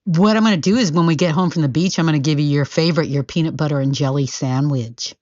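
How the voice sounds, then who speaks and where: A woman's voice: sits low, fast talker, a little mellow, dry recording, muffled recording. A woman dog owner speaking in a teasing, affectionate way to her dog.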